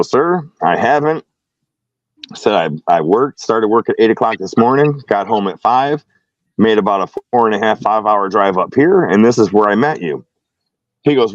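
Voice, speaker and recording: A man's voice: on the low side, no echo, lo-fi sound. A man telling a story in casual chat, acting out both sides of a dialogue.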